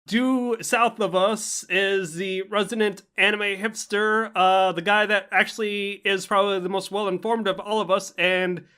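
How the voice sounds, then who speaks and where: A man's voice: high-pitched, level tone, measured pace, few pauses, bright, forceful tone, smooth. A man hosting a casual podcast, introducing everyone with playful, grandiose flair. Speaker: podcast host.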